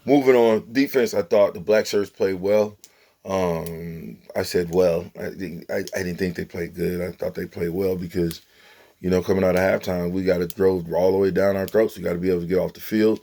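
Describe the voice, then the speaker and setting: Male football commentator, low and gravelly, exasperated and emphatic, lecturing the players. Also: little pitch movement, normal speed, mellow. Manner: preachy, emphatic, exasperated, talks to players directly. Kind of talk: animated sports commentary vlog.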